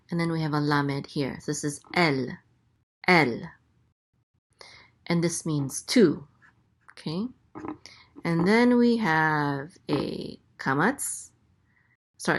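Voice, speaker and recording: A woman with a low voice teaches at a slow, unhurried pace. She spells out sounds one at a time and repeats each syllable patiently. The delivery is careful and methodical. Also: a bit bright. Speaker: Hebrew teacher. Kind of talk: slow, careful letter-by-letter lesson.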